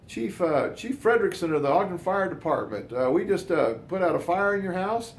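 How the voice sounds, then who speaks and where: An older man playing a middle-aged male fire chief in a prank call, speaking in an official but halting way, with many "uh"s. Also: high voice, lively intonation, slight background noise, pitched above the performer's own voice. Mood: mock serious.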